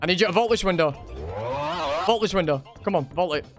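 A young man giving casual gameplay commentary, excitable, laughing, swearing and shouting. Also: sits high, fast talker, music in the background. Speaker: gaming streamer.

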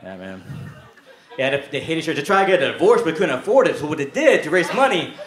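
A young man performs a stand-up comedy set on a club stage and tells his stories deadpan. His voice sits a little high for a man. The handheld mic catches a roomy echo and loud crowd noise behind him. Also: fast talker. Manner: deadpan storytelling with brief shouted character bits.

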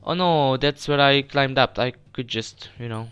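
A man's voice: medium pitch, unhurried, fairly bright tone, clear, resonant tone, highs cut off. A young man giving casual gameplay commentary, jumpy, swearing often and stammering when startled. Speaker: let's play gamer.

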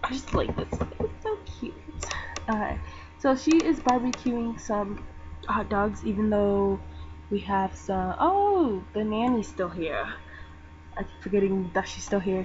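Young woman gamer, soft and low-voiced, rambling chatty commentary over game music on a muffled mic. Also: expressive, slow. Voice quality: soft-spoken, talks low. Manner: rambling, chatty, lots of fillers. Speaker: gaming vlogger. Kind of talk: casual gameplay commentary.

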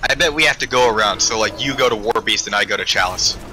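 A man's voice: lowish voice, quick pace, pushed and bright, slight background noise, low-quality recording. A man chatting with his team over a headset while gaming, asking lots of questions with hesitant fillers and some swearing. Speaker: gamer streaming a raid. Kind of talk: casual team voice chat.

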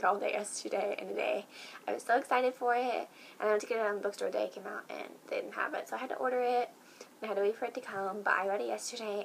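Gushing young woman with a creaky voice. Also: medium pitch, slight background noise, poor audio. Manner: gushing, excitable, many fillers. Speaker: book vlogger. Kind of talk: casual vlog chat.

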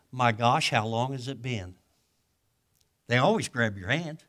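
An older man, a guest pastor, preaching a sermon in a folksy storytelling way, with casual grammar, swinging from loud exclamations to hushed asides. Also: high voice. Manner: colloquial grammar.

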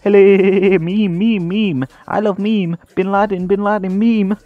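A man voicing himself babbling nonsense in a high squeaky voice. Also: fairly even intonation, unhurried, no room sound, phone-quality sound. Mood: panicked babble.

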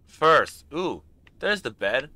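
A man's voice: on the high side, very animated, slow pace, bright, forceful tone, no room sound. A man streaming a video game, chatting casually and reading in-game notes aloud with animation. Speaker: gaming streamer. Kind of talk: casual gameplay commentary.

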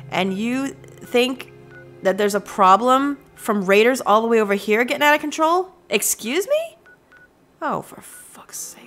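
A woman streaming a video game, chatting casually with viewers, sarcastic and profane, often breaking into loud laughter. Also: medium pitch, gravelly. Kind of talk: casual let's-play commentary.

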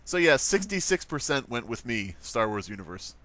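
Male co-host, casual banter, very animated pitch, quick to laugh. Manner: joking, lively, laughs often. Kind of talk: casual chat.

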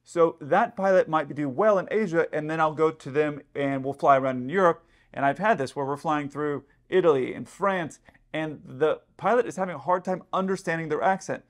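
Airline pilot host, slightly higher voice, chatty explainer, casual commentary. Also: male voice, normal speed. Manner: chatty, explanatory, speculating aloud.

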